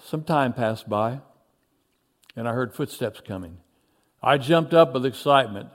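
Expressive male storyteller, lively pitch. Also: measured pace. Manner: expressive, dropping low for reflective passages. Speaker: narrator. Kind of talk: first-person dramatic story reading.

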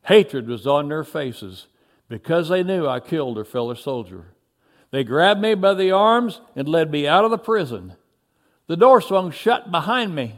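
A man narrating a biblical story in the first person in an expressive way, dropping low for reflective passages. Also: unhurried.

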